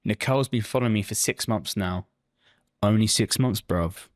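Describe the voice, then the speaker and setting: A man's voice: on the low side, moderate pace. A man live-streaming, chatting casually with viewers and answering their messages with lots of swearing and joking banter.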